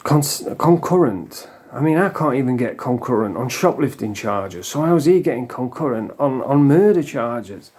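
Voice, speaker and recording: Heated man, dark low-key tone, blunt casual rant with swearing. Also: animated, normal speed, hardly any pauses, breathy edge. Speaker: vlogger. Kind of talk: casual ranting monologue.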